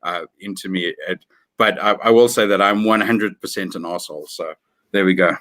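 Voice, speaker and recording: A man's voice: low-pitched, moderate pace, a bit bright. A middle-aged man from South Africa, a guest on a livestream chat, talking bluntly and swearing freely as he rants.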